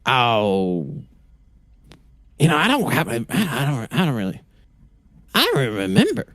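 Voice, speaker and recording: A man's voice: medium pitch, huge pitch swings, unhurried, fairly bright tone, no echo. A man voicing a crude, rambling man with a flamethrower who swears and stammers. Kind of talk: tabletop game character voice.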